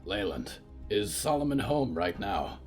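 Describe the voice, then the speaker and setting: Man doing a wary, quiet rescuer. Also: fairly low pitch, big pitch swings, unhurried, soft background music. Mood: wary, low.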